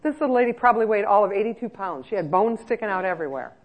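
A middle-aged woman giving a lively conference talk to care staff, telling stories and checking in with her listeners. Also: medium pitch, rapid-fire. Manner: lively storyteller, checks in with "okay?" often. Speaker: speaker on nursing home care. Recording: muffled lo-fi recording.

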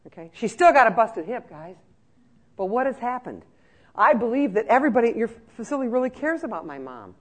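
A trainer giving a lively, joking talk to care-home staff, acting out scenes as they speak. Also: medium pitch, fast, slightly rough.

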